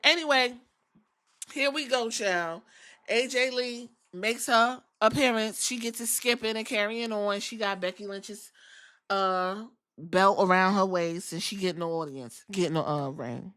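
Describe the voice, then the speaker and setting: A woman's voice: medium pitch, fairly even intonation, normal speed, bright, forceful tone. A woman hosting a podcast, recapping events in a blunt, profane, chatty way. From outside the US. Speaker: podcast host.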